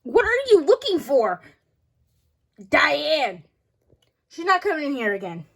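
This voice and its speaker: A woman's voice: high voice, wildly swooping pitch, slow pace, creaky, a bit bright. A woman acting out a homemade skit, doing every voice herself, with a bickering, teasing manner.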